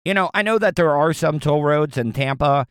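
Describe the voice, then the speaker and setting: A man's voice: on the high side, moderate pace, a bit bright, smooth, dry recording, studio quality. A young man ranting casually with lots of profanity, often stumbling and repeating words as he reacts to news clips. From Florida, US.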